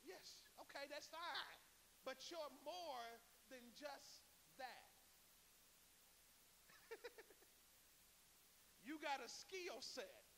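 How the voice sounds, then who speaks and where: A man with an American accent preaching a sermon as a pastor, with laughing asides, call-and-response, and a build to shouted praise. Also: very high-pitched, big-room sound, slight background noise. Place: church sanctuary.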